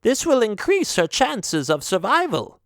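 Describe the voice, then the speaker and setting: A man narrating an audiobook voices a fussy female witch in a high, slow, teasing voice. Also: wildly swooping pitch, a bit bright, no room sound, studio quality, heavily acted. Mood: brisk. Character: fussy, knowing female witch brewing potions. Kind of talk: audiobook character voice.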